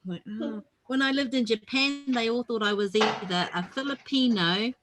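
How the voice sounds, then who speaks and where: A woman from New Zealand with a New Zealand accent, chatting in a relaxed way during a painting workshop, telling stories with lively quoted asides and frequent laughter. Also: fairly high pitch, moderate pace, background noise. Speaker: workshop participant. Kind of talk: casual chat while painting.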